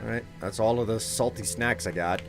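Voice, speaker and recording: A man's voice: fairly low pitch, brisk. A man streaming a game live, chatting casually and thinking aloud as he plays. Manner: casual, rambling, thinking aloud while playing. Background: game music.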